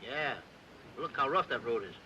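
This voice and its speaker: A man playing an excitable, childlike bumbler in a 1950s TV comedy, whiny and flustered, with a noisy old soundtrack. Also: mid-range voice, moderate pace, muffled recording. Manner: whiny, flustered, breaks into bird calls. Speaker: comedian in a sitcom.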